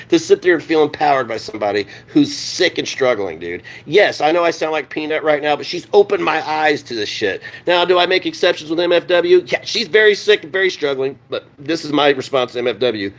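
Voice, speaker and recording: Swearing, heated ranting streamer man. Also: fairly high pitch. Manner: heated, sarcastic, swears constantly. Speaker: live streamer reading chat. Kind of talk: profane live-stream rant.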